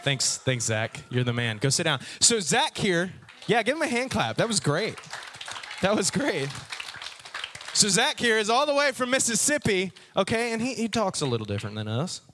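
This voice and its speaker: A man preaching to a live crowd, full of jokes and asides. His voice sits a little high and swings up and down with lively expression. He talks right at the people in front of him. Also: moderate pace, slight background noise. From Texas. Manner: animated and playful, talks straight to the crowd. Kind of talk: joking sermon to a live audience.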